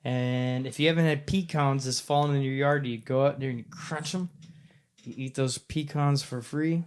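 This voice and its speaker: A man's voice: medium pitch, steady tone, normal speed, clean tone. Rambling, jokey male podcast storyteller. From born in St. Louis, raised in western Oklahoma. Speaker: podcast co-host. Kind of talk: casual podcast chat.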